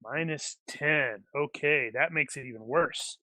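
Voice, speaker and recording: Man game master, rambling restarts, slightly high bright voice, dry close sound. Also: a little slow, no echo. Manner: rambling, many restarts and fillers. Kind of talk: running a tabletop game.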